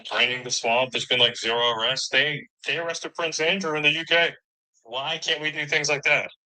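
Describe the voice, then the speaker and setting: A man's voice: fairly high pitch, steady tone, normal speed, sharp tone, rough recording. A man joining an online debate panel, talking in a casual, laid-back way.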